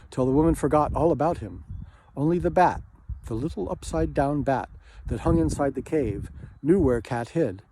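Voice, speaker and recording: Man reading a children's story. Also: medium pitch. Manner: rhythmic, lilting storytelling. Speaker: narrator. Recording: hissy home recording.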